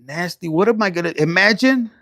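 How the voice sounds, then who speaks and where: Livestream host, male, fairly high voice, crude and playful, drops Spanish words. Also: fairly quick, bright, forceful tone. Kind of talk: casual livestream chat.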